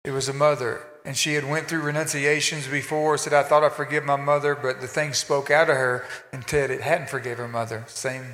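Pastor in an echoing hall. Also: male voice, medium pitch, a little fast, hardly any pauses. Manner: affirming interjections, relaxed storytelling. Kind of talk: stage discussion. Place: conference stage in a large hall.

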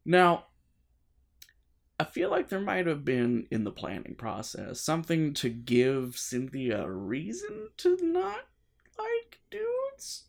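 A male podcast co-host with a lively, swooping voice, cursing freely in casual banter. He moves between reading a book aloud and joking with his co-host. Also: mid-range voice, slow, creaky. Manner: animated, swears freely, jokey.

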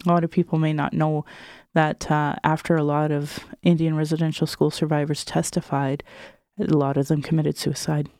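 A woman's voice: sits low, level tone, moderate pace, warm tone, no room sound, clean studio sound. A woman activist speaking as an interview guest, earnest and direct.

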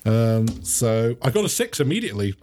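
A man's voice: medium pitch, very animated, moderate pace, warm tone, slight background noise. A man playing a tabletop role-playing game, hesitant and giggly as he works out his moves. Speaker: player.

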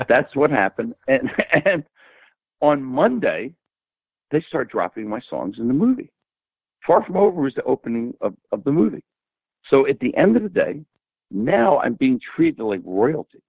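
Guy in his 70s spinning lively stories in an interview, dry tinny phone-ish sound. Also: mid-range voice, measured pace, long pauses, husky, dry recording. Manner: animated anecdote teller who acts out quoted dialogue. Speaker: guest. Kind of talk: casual storytelling interview.

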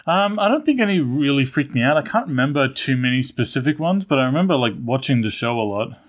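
A male podcast co-host with a mid-range voice who rambles and hesitates. He pauses on fillers and restarts his thoughts as he goes. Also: medium pitch, expressive. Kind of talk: casual podcast chat.

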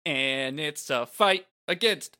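Chatty, bright-voiced podcast guy. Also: on the high side, takes it slowly, smooth, no room sound, studio quality. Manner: laughing, loose and chatty, swears. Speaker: podcast co-host. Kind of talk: casual chat.

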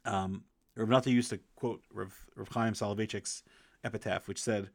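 A low-voiced man with a gravelly edge reviews a book by retelling its stories. He speaks in a halting, casual way, restarting phrases and using fillers. His voice is close and dry, with no room sound. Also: fairly even intonation, no room sound.

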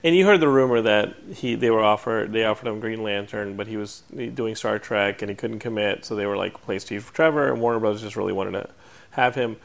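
A man's voice: fairly low pitch, a little fast, gravelly. A man hosting a podcast in casual chat, upbeat and full of fillers and restarts. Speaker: podcast host.

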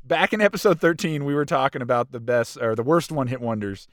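A man's voice: mid-range voice, quick pace, fairly bright tone, no room sound. A man hosting a podcast, chatting casually and jokingly as he introduces the night's topic. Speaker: podcast host. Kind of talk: casual chat.

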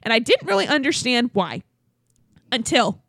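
A young woman hosting a podcast in casual chat, animated and laughing often. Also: on the high side, slow pace, vocal fry, breathy edge, no echo, clean studio sound. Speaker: podcast host.

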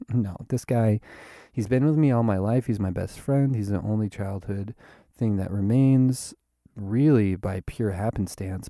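A man's voice: lowish voice, warm tone, dry recording, clean studio sound. A man hosting a rambling solo podcast while tipsy, playful and self-mocking, drifting into sing-song. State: tipsy from drinking. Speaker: podcast host. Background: faint looped guitar.

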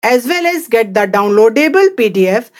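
A woman co-hosting a Hindi language podcast, giving clear prompts and slowly repeating phrases for learners. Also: a little high, very animated. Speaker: podcast co-host, Hindi teacher. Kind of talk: scripted language lesson.

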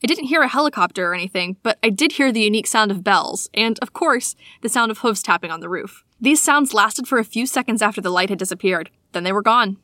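A woman co-hosting a casual podcast, reading listener stories aloud with a giggly, animated manner. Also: mid-range voice, fast, hardly any pauses, dry recording, clean studio sound. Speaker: podcast co-host.

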